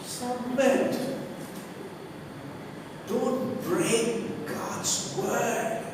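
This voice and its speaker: A man's voice: extremely high pitch, extremely slow. A male pastor preaching a sermon, emphatic and repetitive, talking straight to his congregation. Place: church hall with a congregation. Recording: echoey hall, recorded from far off with background noise.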